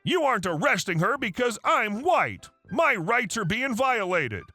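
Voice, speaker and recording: A man voicing a screaming, entitled woman neighbor with a shrill, screeching delivery. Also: big pitch swings, unhurried, bright, forceful tone, faint music behind, heavily acted.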